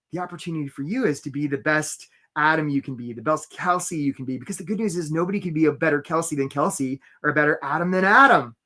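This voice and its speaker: A man coaching job seekers in a live webinar, chatty and lively, telling stories and greeting viewers from the chat by name. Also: high-pitched. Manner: tells stories to make his points.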